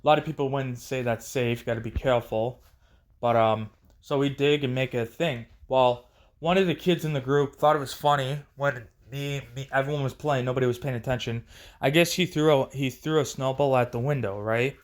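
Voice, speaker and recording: A man's voice: medium pitch, steady tone, moderate pace. A man telling a personal story casually on a vlog, rambling with many restarts and fillers. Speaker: storyteller vlogger.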